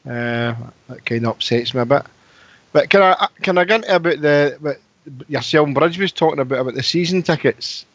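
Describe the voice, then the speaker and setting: Chatty caller, friendly, dry muffled phone sound. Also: male voice, a little high, a little fast, dry recording. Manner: friendly, chatty, says wee and pal. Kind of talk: casual radio phone-in chat.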